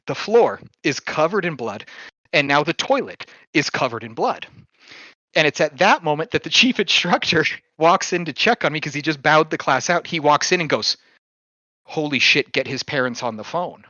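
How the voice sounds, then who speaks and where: Bright-voiced man telling a wild story. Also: fairly high pitch, moderate pace, no echo, muffled recording. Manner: lively, swears freely, chuckles through his story. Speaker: podcast host telling a story. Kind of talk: casual storytelling chat.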